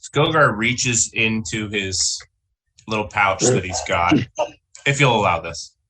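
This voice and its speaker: A man's voice: lowish voice, expressive, takes it slowly, background noise. A man describing his character's actions as a player in a tabletop game.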